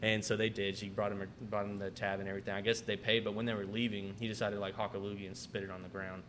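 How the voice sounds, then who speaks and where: A man with a lowish, fairly bright voice speaks quickly with little pitch movement, over slight background noise. A podcast host and restaurant manager, he tells restaurant stories in a laid-back, casual chat, swearing freely and acting out his customers' lines.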